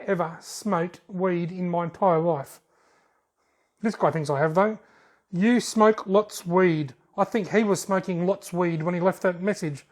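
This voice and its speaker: An Australian man hosting a fishing video channel, casually reading out viewer comments in a jokey, laid-back way and chuckling often. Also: high voice.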